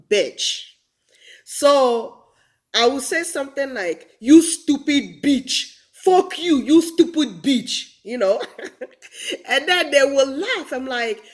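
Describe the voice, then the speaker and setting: A woman from Nigeria with a Nigerian accent, telling lively stories in a casual vlog and laughing often. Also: fairly high pitch. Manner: animated, laughs often, acts out quotes. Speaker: vlogger.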